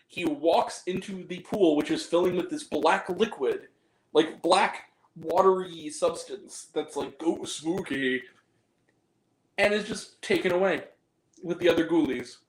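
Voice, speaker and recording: A man's voice: on the high side, unhurried. A man casually reviewing a movie in a blunt, rambling, profane way. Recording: roomy echo.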